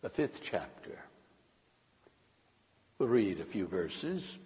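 A man reading scripture as a preacher, his pitch swinging widely as he leans hard on key words. He takes it slowly and deliberately, and his voice rings out with a long hall reverb behind it. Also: sing-song, a little mellow. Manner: dramatic, rising emphasis on key words.

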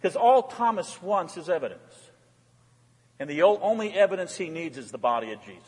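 Male pastor preaching, high voice, husky tone, long hall reverb. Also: a little fast. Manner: animated preaching, swinging between hushed and loud. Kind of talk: sermon.

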